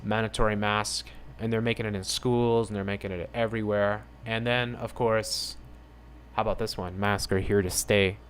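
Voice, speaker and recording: A man with a slightly low voice delivers a heated commentary on the news. He reads headlines aloud and answers them with sarcasm and open indignation. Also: little pitch movement, moderate pace, slight background noise. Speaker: channel host.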